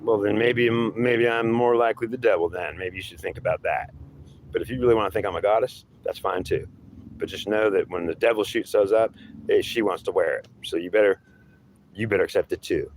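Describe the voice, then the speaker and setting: A man's voice: fairly low pitch, brisk, a little hiss or hum, close to an everyday voice. A man playing a taunting devil god. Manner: taunting, threatening, calls listener boy. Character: menacing male devil claiming to be god. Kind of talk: improvised two-voice monologue.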